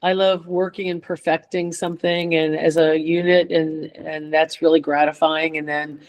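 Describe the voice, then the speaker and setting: An older woman guest chatting in a relaxed way, telling lively stories and laughing often. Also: sits low, normal speed. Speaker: guest chorus singer. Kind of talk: casual storytelling chat.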